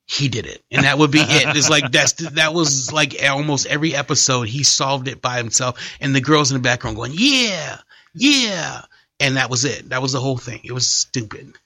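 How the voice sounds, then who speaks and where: A man's voice: medium pitch, steady tone, brisk, few pauses, pushed and bright, no echo, clean studio sound. A man guesting on a comedy podcast, talking bluntly and rambling through opinions and stories. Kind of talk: casual chat.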